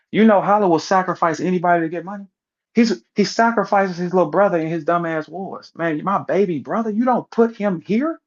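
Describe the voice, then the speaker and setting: A man giving blunt, profane commentary in an animated rant, punctuated by rhetorical questions. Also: medium pitch, dull audio.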